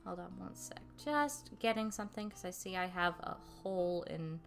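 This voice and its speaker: A woman's voice: lowish voice, animated, normal speed, gravelly, faint music behind. A young woman chatting casually on a livestream, rambling and self-deprecating, with casual swearing and frequent laughs. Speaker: streamer and voice actor.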